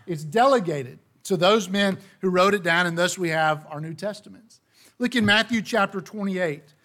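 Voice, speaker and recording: High-voiced man preaching a sermon. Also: a bit bright. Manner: emphatic, slows down on key phrases, rhetorical questions.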